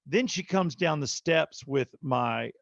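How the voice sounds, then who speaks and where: A middle-aged man with a gravelly, fry-edged voice tells a story on a podcast and slips into animated impressions of everyone in it. The recording is dry and slightly dull, close and without room sound. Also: a little high, slow, dry recording. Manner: animated storyteller, acting out quotes. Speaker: podcast co-host. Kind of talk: casual storytelling chat.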